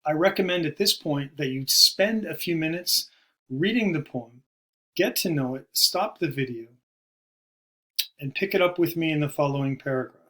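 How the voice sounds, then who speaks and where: Man, slightly high voice, poetry lecturer, measured, explanatory. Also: pushed and bright. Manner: measured, explanatory, slows to stress terms. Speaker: poetry teacher. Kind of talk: recorded video lecture.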